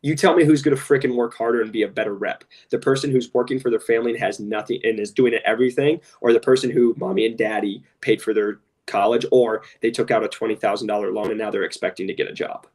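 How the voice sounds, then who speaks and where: A man's voice: fairly low pitch, steady tone, fast talker, few pauses, a little mellow, distant mic. A man co-hosting a podcast in casual talk, blunt and impassioned, often saying "literally" and "straight up". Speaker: podcast co-host.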